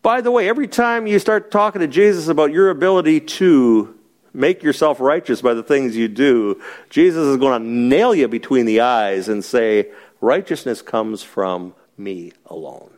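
A man's voice: on the high side, lively intonation, moderate pace, darkish tone. A middle-aged man as a pastor, teaching a Bible study in a conversational, joking way and asking the group questions.

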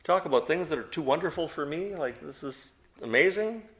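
A man leads a Bible study in a rather high voice that rises and falls with lively expression. He keeps asking the group questions and then answering them himself. He leans hard on the words he wants to stress. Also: brisk. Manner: emphatic, stresses key words. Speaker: Bible teacher. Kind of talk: interactive Bible study teaching.

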